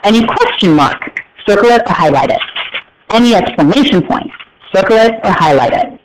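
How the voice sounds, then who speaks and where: High-voiced man giving casual class directions. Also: lively intonation, moderate pace, noisy background. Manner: casual, step-by-step directions with repeated phrases. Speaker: teacher. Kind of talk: classroom instruction.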